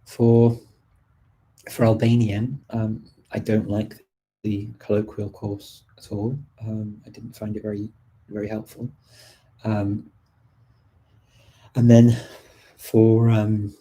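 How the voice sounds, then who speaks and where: A man's voice: lowish voice, little pitch movement, slow, long pauses, mellow, husky, low-quality recording. A man hosting a live stream, answering viewer questions in a casual, chatty way with frequent ums and restarts. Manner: chatty, many ums and restarts, light laughs.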